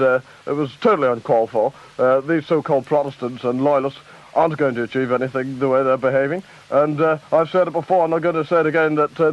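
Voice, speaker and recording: A man's voice: medium pitch, lightly acted. A man playing an indignant politician in a debate, full of hesitant uhs. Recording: dull lo-fi record.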